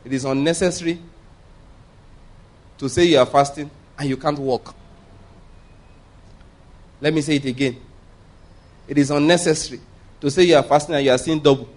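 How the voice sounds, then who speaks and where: A man's voice: fairly high pitch, normal speed, pauses often. A man preaching a sermon, emphatic and repeating his points, asking the congregation rhetorical questions. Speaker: pastor.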